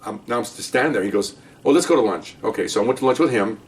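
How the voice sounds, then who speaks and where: A middle-aged man telling police stories in casual storytelling style, animated and acting out the dialogue. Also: fast talker. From Latino. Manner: animated, acts out dialogue with raised pitch. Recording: voice a bit far from the mic.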